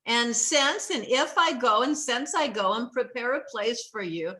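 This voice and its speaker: A woman hosting a faith talk show speaks slowly and unhurriedly, with a bright, clear tone. Her pitch sits a little high. She is earnest and emotional, and at times she laughs or her voice catches. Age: older. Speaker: host.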